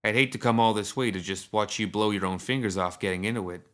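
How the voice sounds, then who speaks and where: A hardened frontier sharpshooter woman with a mechanical eye, read aloud by a man narrating a story. She talks curtly and coolly, in a low voice. Her lines are spare and clipped. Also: quick pace, fairly bright tone, close to an everyday voice. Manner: curt, cool and clipped.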